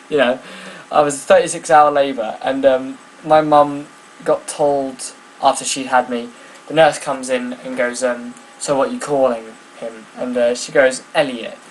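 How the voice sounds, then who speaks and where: Brief: young male vlogger, mid-pitched, rambling chat, faint background noise. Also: little pitch movement, a little slow, rough recording. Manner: rambling, self-mocking, lots of ums. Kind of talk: casual vlog chat.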